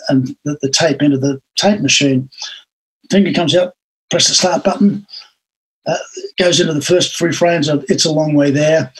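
An older man with an Australian accent tells his stories in an animated, anecdotal way and acts out the quotes. His voice sits a little high and sounds husky. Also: poor audio. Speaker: interview guest. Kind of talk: storytelling in an interview.

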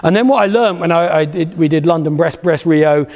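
A man's voice: fairly high pitch, fairly quick, a little mellow. A man giving a live motivational business talk, telling anecdotes and repeating phrases for rhythm. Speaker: business speaker. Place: lecture hall at a live event. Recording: long hall reverb.

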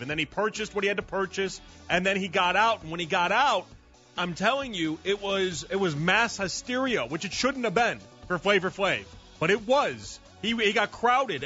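A man's voice: high voice, sharp tone, dull audio. A man hosting a sports radio show, talking casually and often repeating words as he starts a thought.

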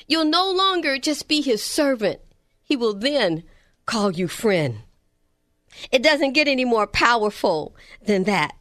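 A woman's voice: a little high, no room sound, studio quality. A middle-aged woman from Texas preaching a sermon on prayer, telling stories fervently and at times dropping to a whisper.

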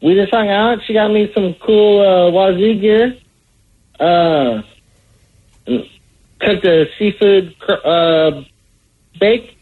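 A man's voice: sits high, takes it slowly, long pauses, narrow, tinny audio. A man in his thirties calling in to a radio show, giving short, laid-back answers. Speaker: caller. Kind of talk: phone-in chat.

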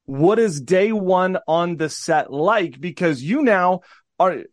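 A male podcast co-host with a slightly high voice asks loose, winding questions. He sounds casual and conversational, and the recording is dry and close. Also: expressive, takes it slowly, dry recording.

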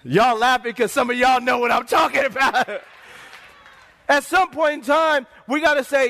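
A middle-aged man preaches a sermon in a high, lively voice. He tells stories animatedly and keeps calling the congregation for an amen. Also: normal speed. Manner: animated storytelling preacher, calls for amens. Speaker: pastor.

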